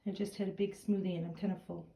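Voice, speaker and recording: Slightly breathless, a middle-aged woman who vlogs about crafts and journaling shows off her home office on handheld camera, chatting and poking fun at herself. She talks fast in a lowish, warm voice with vocal fry and little pitch movement.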